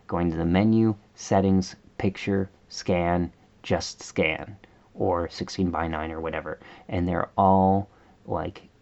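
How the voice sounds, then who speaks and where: A man's voice: sits low, fairly even intonation, slow pace, vocal fry, a little mellow, highs cut off. A man vlogger telling a rambling, exasperated story in a casual rant, full of fillers.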